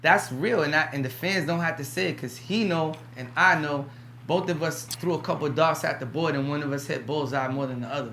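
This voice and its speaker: Boastful rapper man, bright voice. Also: fairly high pitch, fairly quick, vocal fry, slight background noise. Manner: boastful, emphatic, repeats himself. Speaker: rapper guest. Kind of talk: casual podcast chat.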